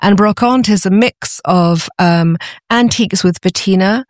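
A woman's voice: mid-range voice, unhurried, no echo, studio quality. A woman, a podcast guest, talking about her antiques business in an enthusiastic, conversational way and often restarting her phrases. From Britain. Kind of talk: conversational interview.

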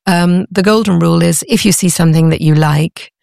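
A middle-aged woman being interviewed, chatty and enthusiastic, often pausing with ums as she explains. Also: lowish voice, gravelly, a little mellow, no room sound, clean studio sound. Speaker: guest, antiques author. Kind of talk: conversational interview.

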